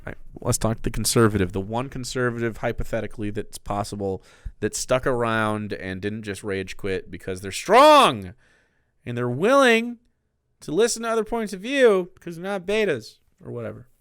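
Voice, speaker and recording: A man streaming live, giving casual, sarcastic, rambling commentary with animated bursts. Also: medium pitch, normal speed, clear, resonant tone, dry recording, clean studio sound.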